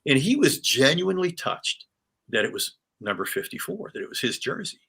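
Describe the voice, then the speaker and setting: A middle-aged man with a sharp, bright tone spins animated anecdotes as a guest on an interview show. He talks casually, stumbling over restarts and fillers as he goes. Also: medium pitch, normal speed, husky. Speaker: retired sportscaster, guest.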